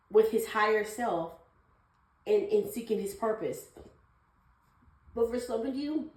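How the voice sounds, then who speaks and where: Young female tarot reader, quick and affectionate delivery, roomy echo. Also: mid-range voice, darkish tone. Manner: fast, gushing and affectionate, calls viewers babies and honey. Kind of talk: casual tarot reading to camera.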